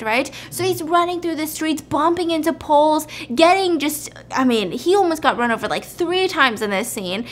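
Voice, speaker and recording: A young woman hosting a show, casually and animatedly retelling a film plot in a chatty way. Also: high-pitched. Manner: animated, chatty, acts out scenes. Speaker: host.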